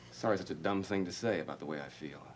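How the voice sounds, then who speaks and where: A man plays a gentle, hesitant friend in a soap opera. He has a very deep voice and probes carefully with many pauses, over a faint hiss. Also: lightly acted.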